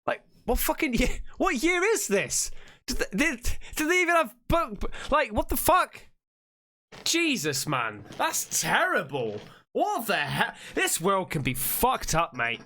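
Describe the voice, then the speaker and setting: A man reacting to a story with excitable, swearing commentary and frequent restarts. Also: very high-pitched, measured pace. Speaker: reaction video host.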